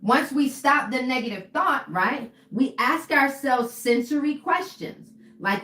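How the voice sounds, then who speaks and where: A woman's voice: fairly high pitch, a little slow, fairly bright tone, roomy sound. A woman mindset coach teaching her viewers in a live stream, casual and full of "okay" and "right". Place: room with a whiteboard.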